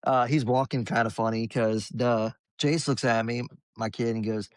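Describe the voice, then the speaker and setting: A man's voice: medium pitch, steady tone, normal speed, dry recording, clean studio sound. A man hosting a podcast, telling a story in a blunt, profane, casual way.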